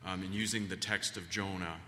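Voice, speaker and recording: A deep, bright, forceful voice with fairly even intonation carries this guest preacher's brisk sermon in a church sanctuary. He rambles through folksy family stories with plenty of ums and restarts, over slight background noise and long reverb.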